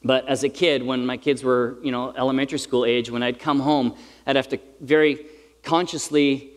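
A man's voice: mid-range voice, flat delivery, moderate pace. A middle-aged man preaching a sermon to a live audience, in a conversational, earnest and self-deprecating way. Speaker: pastor. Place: large hall with live audience. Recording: reverberant hall.

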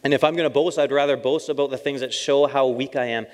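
Man, animated storyteller, mid-pitched voice, long hall reverb. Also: quick pace. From Canada. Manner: animated, acts out his own quoted lines, laughs often. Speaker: missionary giving a church talk. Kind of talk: storytelling talk.

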